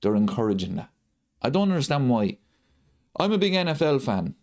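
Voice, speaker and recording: A man's voice: medium pitch, very animated, a little fast, a little mellow. A man hosting a live football watchalong, ranting and repeating his points for emphasis. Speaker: host of a football watchalong channel. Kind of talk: live stream chat.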